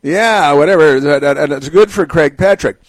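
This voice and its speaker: A man's voice: on the high side, normal speed, no room sound. A man hosting a talk radio show, delivering an opinionated monologue in a sarcastic, rambling way full of fillers and restarts.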